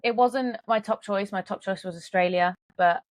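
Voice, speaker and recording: A woman's voice: medium pitch, normal speed, no echo. A young English woman guest on a podcast, telling stories in casual chat with dry sarcasm. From England.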